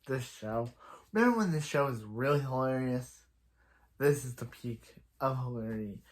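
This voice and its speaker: A man's voice: medium pitch, moderate pace. A man casually recapping a TV episode, rambling with frequent restarts and self-corrections and chuckling as he goes. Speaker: TV episode reviewer.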